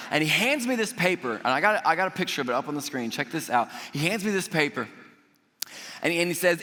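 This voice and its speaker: A man preaching a sermon, telling a personal story in an animated way, acting out the voices he quotes and adding jokey asides. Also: on the high side, fast talker, in a large hall. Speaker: pastor. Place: church auditorium.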